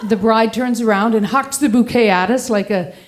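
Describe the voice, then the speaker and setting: A woman in her fifties telling a personal story on stage at a live storytelling event, animated and laughing as she acts out the people in it. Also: on the high side, normal speed, slight background noise.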